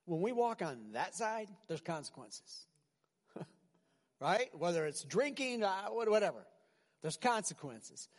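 Animated high-voiced preacher in a hall. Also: male voice, measured pace. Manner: animated, conversational preaching with rhetorical questions. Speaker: pastor. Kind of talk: sermon.

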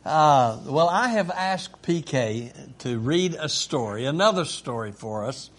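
A man hosting a casual chat at home, talking haltingly and tenderly with many pauses and fillers. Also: a little high, lively intonation.

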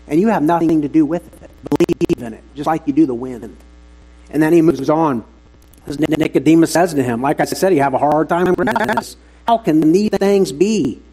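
Man, preacher, husky, fairly high-pitched, earnest, emphatic sermon. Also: mellow, low-quality recording.

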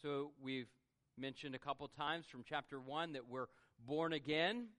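A man's voice: a little high, normal speed, fairly bright tone. A man preaching a sermon in an earnest, self-deprecating way that builds to emphatic peaks. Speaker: pastor.

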